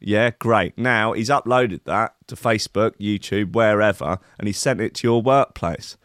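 A man's voice: fairly low pitch, normal speed, a bit bright, clear, resonant tone, no echo, studio quality. A man hosting a show, reading a news story aloud and ranting about it in a sweary, sardonic, mock-outraged way. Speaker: radio show host. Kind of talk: comic rant reading news.

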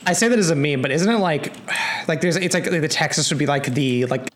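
A man's voice: a little high, lively intonation, brisk, fairly bright tone, slight background noise. Rambling man, lots of fillers. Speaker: player.

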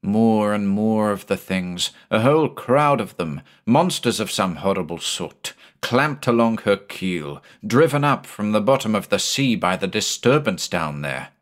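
A man with a fairly low voice narrates a sea tale in audiobook style. His reading is measured and even, keeping a steady storyteller's hold on each sentence.

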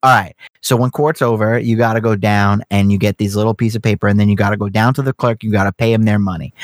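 A man's voice: lowish voice, steady tone, fast talker, dry recording. A young man telling a long, profane story in casual podcast chat. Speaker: podcast co-host.

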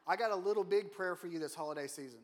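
Racing along in a high-sitting voice, a male guest preacher gives a relaxed, joke-filled sermon in a church auditorium, frequently questioning the congregation.

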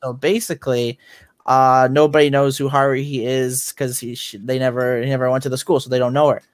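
A man's voice: mid-range voice, flat delivery, fairly quick, no echo, studio quality. A man co-hosting a casual podcast, rambling and restarting as he explains. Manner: rambling, repeats words and restarts. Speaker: podcast co-host. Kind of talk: casual chat.

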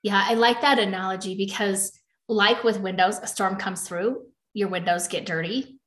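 A woman's voice: medium pitch, fairly even intonation, normal speed, a bit bright, echoey room. A woman hosting a conversation, responding in an affirming, reflective way. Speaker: podcast host. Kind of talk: conversational interview.

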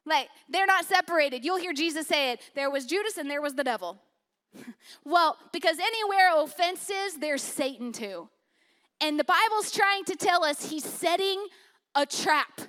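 A woman pastor preaches with a very high, bright, forceful voice. She talks to the congregation like a friend, joking, then drops to a near-hush to drive a point home. It is lively, personal church preaching rather than a formal address. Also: normal speed. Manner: conversational preaching with humor, swinging from loud to hushed. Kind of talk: sermon.

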